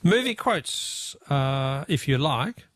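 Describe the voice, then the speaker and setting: A man with an Australian accent hosting a radio quiz, jovial and quick-talking, chuckling between callers. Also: mid-range voice, big pitch swings, fairly bright tone.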